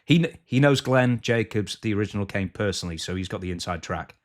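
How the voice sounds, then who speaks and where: A man's voice: fairly low pitch, expressive, fast talker. A man co-hosting a podcast, keeping the conversation moving and introducing segments. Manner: steers the conversation and moves segments along. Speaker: podcast co-host. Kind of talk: casual podcast chat.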